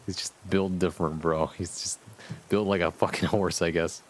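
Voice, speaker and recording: A man's voice: low voice, fairly even intonation, moderate pace, slightly rough. A young man streaming a comic read-through of a fan story, breaking off with sarcastic, laughing asides. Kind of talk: comic live-stream reading with commentary.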